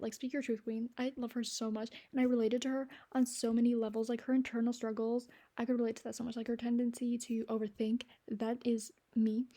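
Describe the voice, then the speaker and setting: A young woman chats to camera about her favorite books, gushing and giggling, now and then sinking to a near-whisper. Her voice sits a little high, with a gravelly edge and a mellow tone. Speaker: book vlogger. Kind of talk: casual chat to camera.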